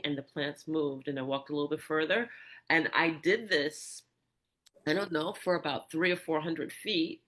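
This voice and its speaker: A woman podcast host telling a personal story in an interview, animated, with many restarts and acted-out moments. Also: low-pitched. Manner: animated storyteller, many restarts, acts out her own yelling.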